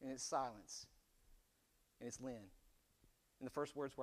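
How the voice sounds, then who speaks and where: A man in his forties preaching a conversational sermon, chatty and animated, often asking "right?". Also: medium pitch, normal speed, pauses often. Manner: animated and chatty, with rhetorical "right?" and frequent laughs. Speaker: pastor.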